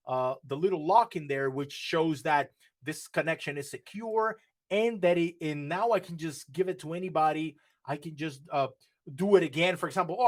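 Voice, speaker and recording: A man walks students through a live coding demo in an online session. His voice sits a little on the high side, and he explains each step while repeating and restarting phrases. He speaks into a computer mic on a video call. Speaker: workshop instructor.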